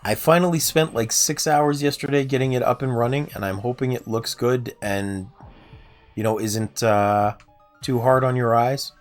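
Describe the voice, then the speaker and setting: A man's voice: medium pitch, moderate pace. A young man streaming a game playthrough, chatting casually and asking viewers for feedback. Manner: chatty, asks chat for feedback. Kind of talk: casual livestream gameplay commentary. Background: faint game music.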